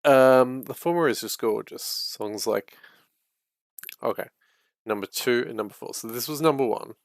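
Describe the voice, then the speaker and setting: A man's voice: medium pitch, moderate pace. A man casually reading a narrative game aloud and musing about it as he goes, swearing freely. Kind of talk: casual playthrough commentary.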